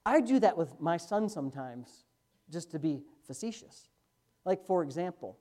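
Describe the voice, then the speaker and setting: Man, pastor, sermon, animated pitch, emphatic, quick asides, loud drawn-out stresses.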